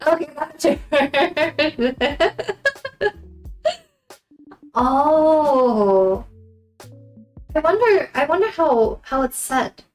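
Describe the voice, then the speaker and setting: A woman's voice: high voice, animated, extremely slow, long pauses, a little mellow. A woman live streamer chatting casually with her viewers, giggling often between remarks. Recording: roomy echo, faint background music.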